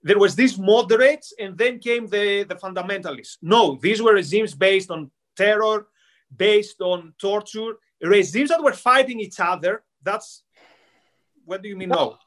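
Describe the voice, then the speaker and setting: Co-hosting a casual political debate podcast, a man presses his points about history, though hesitant fillers creep in. He speaks a little slowly in a high, fairly bright voice.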